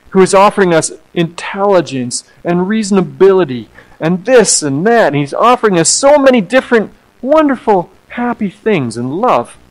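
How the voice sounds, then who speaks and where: A man, an associate pastor, preaching a sermon in an animated way, acting out quoted voices and repeating words as he goes. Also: high-pitched, poor audio.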